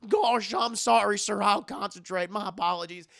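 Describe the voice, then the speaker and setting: A man's voice: high-pitched, fairly even intonation, moderate pace, creaky, bright, forceful tone, pitched above the performer's own voice, exaggerated voice. A man doing a meek, flustered cartoon dad. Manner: apologetic, flustered.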